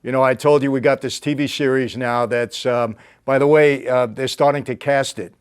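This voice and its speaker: A man's voice: medium pitch, fairly even intonation, normal speed, clean tone. A middle-aged man hosting a casual interview, earnest and complimentary. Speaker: interview host.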